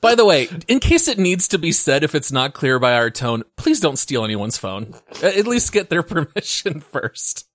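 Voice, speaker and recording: A man's voice: on the high side, very animated, moderate pace, hardly any pauses, a bit bright, dry recording. A man co-hosting a casual gaming podcast, wry and teasing, speaking into a close mic. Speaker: podcast co-host. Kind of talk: casual chat.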